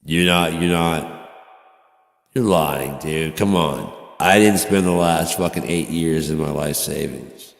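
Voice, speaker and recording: A very deep, gravelly man rambles through a profane, sardonic vlog monologue. His words ring out in a room with a long, echoing tail. He jumps between topics and swears freely. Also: slow. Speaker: vlogger. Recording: echoey room with long reverb.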